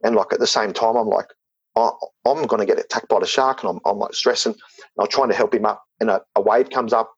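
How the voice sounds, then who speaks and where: Husky man telling a story. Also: on the low side, steady tone, fairly quick, no echo, dull audio. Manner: rambling, lots of "like" and "um", restarts. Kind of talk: casual spoken anecdote.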